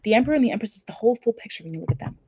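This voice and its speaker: Woman, tarot reader, rapid delivery, effusive, emphatic, casual swearing, pick-a-card reading. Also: fairly high pitch, expressive, darkish tone, breathy edge, no echo.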